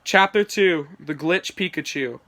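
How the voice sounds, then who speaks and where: A man's voice: fairly high pitch, a little slow, pushed and bright. A man reading his homemade story aloud, with chatty asides and small stumbles. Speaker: channel creator.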